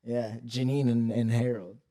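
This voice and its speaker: Young dude on a podcast, cusses a lot, rambly story mode, regular mid voice. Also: male voice, mid-range voice, fairly even intonation, unhurried, mellow. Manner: loose, profane storytelling. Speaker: podcast co-host. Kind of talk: casual chat.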